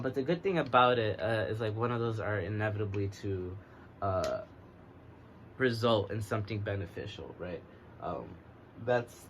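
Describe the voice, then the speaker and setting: An American man reading oracle cards in a relaxed, rambling way, speaking in a put-on English accent that he uses to get through a stutter. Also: medium pitch, a little hiss or hum. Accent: American trying an English accent. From United States. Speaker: oracle card reader. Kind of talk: casual divination reading.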